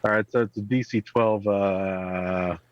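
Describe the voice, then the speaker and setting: A man's voice: on the low side, steady tone, unhurried, dull audio. Wry male player at a game table. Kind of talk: casual tabletop play.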